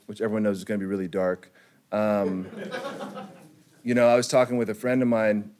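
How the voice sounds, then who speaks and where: A young man from California sharing his recovery story with a group, in laid-back slangy talk full of "like" and chuckles. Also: fairly low pitch. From California, United States. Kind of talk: personal testimony to a group.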